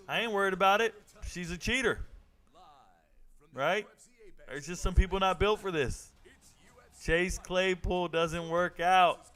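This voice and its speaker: A man talks loosely to his viewers in a relaxed, joking livestream manner. His voice sits a little high for a man. He riffs, laughs at himself and answers comments as they come in. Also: unhurried, clear, resonant tone. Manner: laid-back, joking, reads and answers chat. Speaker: livestream host.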